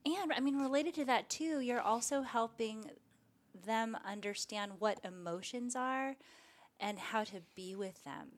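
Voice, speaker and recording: A woman meditation teacher speaking as a guest in a conversational interview, calm and reflective, growing gently animated when she acts out examples. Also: on the high side, measured pace.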